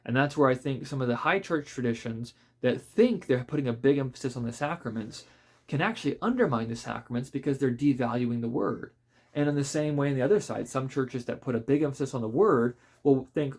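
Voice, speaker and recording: A pastor reviews a book in a relaxed, spoken way, thoughtful and conversational, often using fillers and restarting sentences. His voice is medium in pitch and his pace brisk.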